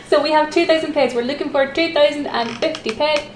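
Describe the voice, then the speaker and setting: A woman hosting a live auction, chatty and giggly with frequent ums. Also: high voice. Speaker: auction host. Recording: roomy echo with faint noise.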